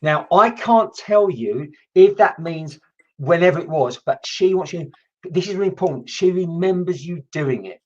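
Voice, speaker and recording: A woman's voice: fairly low pitch, animated, moderate pace, darkish tone, highs cut off. A woman working as a medium, giving a chatty live-streamed reading and swearing casually as she talks. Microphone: computer mic on a video stream.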